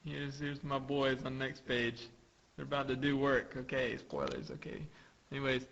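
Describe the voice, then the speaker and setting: A young man co-hosting a gaming podcast, casually recapping manga panels and breaking into loud acted quotes. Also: mid-range voice, normal speed, vocal fry. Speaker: podcast co-host. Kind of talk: casual chat about manga. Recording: lo-fi podcast audio.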